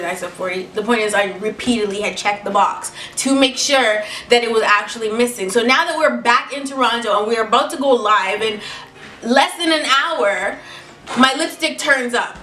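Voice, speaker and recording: A young woman telling a storytime vlog with lots of swearing and emphatic, animated delivery. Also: a little high. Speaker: beauty vlogger. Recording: roomy, distant mic, faint music.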